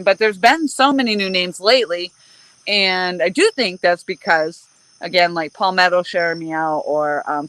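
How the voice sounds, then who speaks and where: Out of breath on a riverbank at dusk with crickets in the background, a woman hosts a fishing livestream, chatting casually and rambling in good cheer. Her voice is lowish and a bit bright. There's no room sound, but the recording quality is low.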